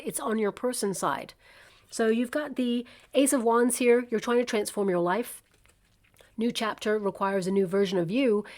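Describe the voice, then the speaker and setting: Casting note: woman, tarot reader, easygoing and musing one-on-one delivery, mid-range pitch. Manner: conversational, musing, frequent "you know" and "like". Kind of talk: tarot reading monologue.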